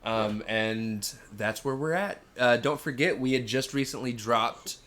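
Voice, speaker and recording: A man's voice: mid-range voice, a little slow, a bit bright, slight background noise. A man co-hosting a podcast in casual chat, blunt and opinionated, swearing now and then. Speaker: podcast co-host.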